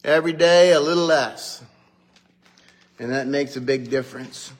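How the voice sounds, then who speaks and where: A man's voice: medium pitch, moderate pace. A middle-aged male pastor chatting casually and joking to his congregation, still getting over a cough. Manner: chatty, joking, animated asides. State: recovering from a cough. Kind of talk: casual morning livestream chat.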